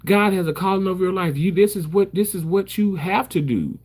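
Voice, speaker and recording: A man doing his high, firm mother. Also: lively intonation, brisk, slightly rough. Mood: urging. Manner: firm, pleading, faith-filled. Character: encouraging older mother urging her son.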